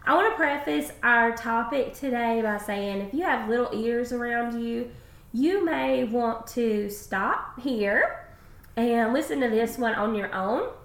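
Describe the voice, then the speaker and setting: An enthusiastic woman co-hosts a faith podcast, speaking from the heart. Her voice is fairly high with a gravelly fry. The recording has a roomy echo. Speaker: podcast co-host. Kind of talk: casual faith podcast chat.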